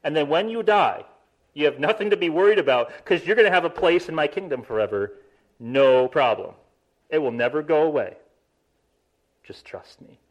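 A man preaching a sermon, animated, stressing key words and slowing down for emphasis. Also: a little high, poor audio. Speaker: pastor.

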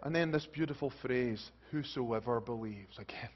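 Preacher swinging from urgent to hushed. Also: male voice, mid-range voice, moderate pace. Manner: dramatic swings from loud urgent rises to hushed soft pleas. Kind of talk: sermon. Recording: dull lo-fi recording.

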